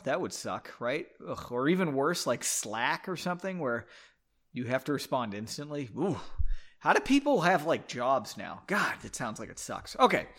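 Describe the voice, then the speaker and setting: A man's voice: fairly high pitch, fairly bright tone. A man hosting a comedic book reading podcast, breaking off to drink and mock the text with sarcastic asides. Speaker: podcast host.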